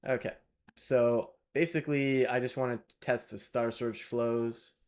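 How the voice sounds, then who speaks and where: A man's voice: medium pitch, fairly even intonation, a little slow, darkish tone, clean tone. A man, live-streaming while he codes, thinking aloud and chatting with viewers in a casual way.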